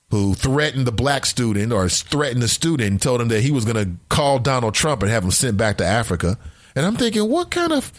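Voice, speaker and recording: A male podcast host holding forth in an emphatic monologue, his pitch swinging widely as he drives his points home. He repeats key lines for effect. The sound is dry and close, with no room around it. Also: no echo. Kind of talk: opinionated talk podcast monologue.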